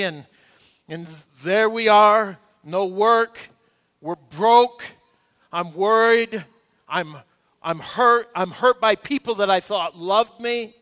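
A middle-aged man preaching a sermon, telling a personal story, swinging from quiet confessional asides to loud exclamations. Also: high-pitched. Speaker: pastor. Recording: long hall reverb.

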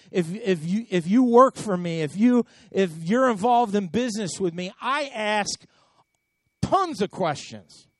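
A man with a notably high voice preaches a sermon, telling it like a personal story. He often doubles his words and rises into emphatic swells. The sound is close and dry. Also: no echo. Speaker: pastor.

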